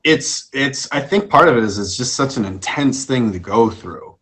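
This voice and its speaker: A man's voice: medium pitch, animated, normal speed, a bit bright. A young man hosting a casual live-stream talk show, jokey and self-deprecating, stumbling over words as his voice cracks.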